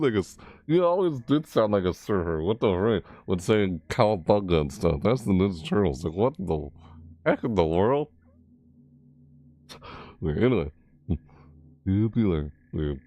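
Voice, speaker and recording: A man hosting a casual gaming video, rambling goofily, talking to himself and reading event text aloud haltingly. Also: lowish voice, very animated, dark tone, no echo. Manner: rambling and goofy, talks to himself and reads haltingly. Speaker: gaming channel host.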